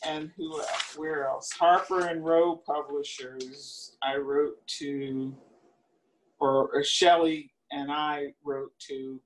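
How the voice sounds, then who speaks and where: Slow-spoken older woman reminiscing. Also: deep voice, fairly even intonation, slight background noise, poor audio. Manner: unhurried, searching for details, trailing off. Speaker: alumna interviewee. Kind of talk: oral history reminiscence.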